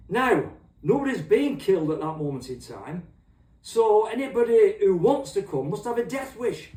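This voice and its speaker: A man's voice: sits high, sing-song, normal speed, mellow, distant mic. Sweary middle-aged guy ranting on and on, crude, echoey room. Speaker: host. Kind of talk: profane comic rant.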